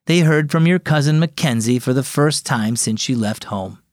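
A man voicing a gentle, caring mother in a children's story, speaking calmly and reassuringly. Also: medium pitch, moderate pace, no room sound, clean studio sound, close to an everyday voice.

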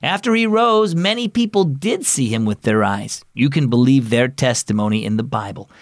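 A man hosting and narrating a scripted children's devotional story, reading clearly and expressively. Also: medium pitch, expressive, normal speed, dry recording, clean studio sound.

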